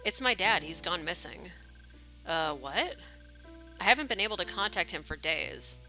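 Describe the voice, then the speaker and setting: An uneasy teenage hero who talks with a little hesitation, read aloud by a woman playing a game. The voice is bright and set lowish. It sounds like a streamer reading text off the screen. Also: animated, a little slow, soft background music, full character voice, rough recording. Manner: hesitant, plain reading of the narration.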